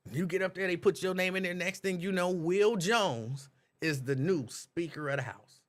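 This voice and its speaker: A man hosting a live talk stream, reading viewers' comments aloud and riffing on them in an animated, direct way. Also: sits high, moderate pace. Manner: animated, talks straight to chat viewers. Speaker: talk show host reading live chat.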